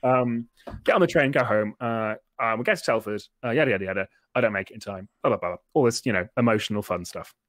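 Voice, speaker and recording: A man's voice: lowish voice, fast, fairly bright tone, dry recording. A man in his twenties telling a long comic story on a podcast, rambling and self-deprecating, with lots of restarts. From Britain. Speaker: podcast host.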